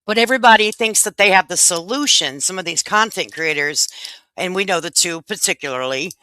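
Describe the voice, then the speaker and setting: A woman's voice: fairly low pitch, brisk, sharp tone, no room sound, low-quality recording. A woman from Chicago hosting a livestream chat, outspoken and crude, laughing easily. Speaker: channel host.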